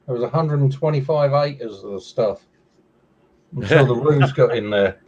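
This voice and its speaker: A man spins tall tales in a casual chat, delivering dry jokes. His voice is mellow and warm. The recording sounds muffled. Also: mid-range voice, normal speed, breathy edge, recorded from a distance. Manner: dry joke-telling storyteller.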